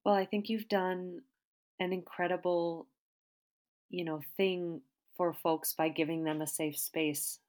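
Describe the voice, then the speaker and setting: Female interviewer, deep voice, thoughtful and unhurried, long questions. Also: level tone. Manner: warm, thoughtful, rambling questions with fillers. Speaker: interviewer, artist.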